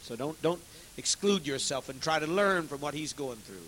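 A man preaching to a congregation, swinging between loud, forceful outbursts and hushed, heavy tones, repeating phrases to exhort his listeners. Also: on the high side, lively intonation, moderate pace, a little hiss or hum, poor audio. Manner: repetitive, exhorting. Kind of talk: impassioned sermon.

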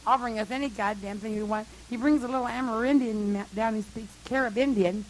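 A woman telling a long, lively, profane anecdote to a group, laughing often. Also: a little high, fast talker, rough recording. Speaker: storyteller at a meeting. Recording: hissy old tape recording.

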